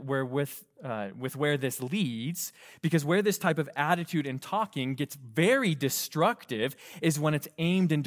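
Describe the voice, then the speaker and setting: Animated man preaching a sermon. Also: fairly high pitch. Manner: animated preaching with rhetorical questions and acted quotes. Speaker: pastor.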